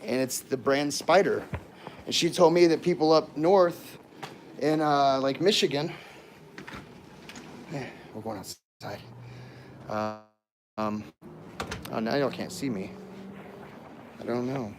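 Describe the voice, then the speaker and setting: A man's voice: mid-range voice, slow pace, long pauses, background noise. A man telling rambling stories to viewers on a casual livestream, often stopping himself mid-sentence. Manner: rambling, chatty, self-interrupting, talks to viewers. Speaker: live streamer.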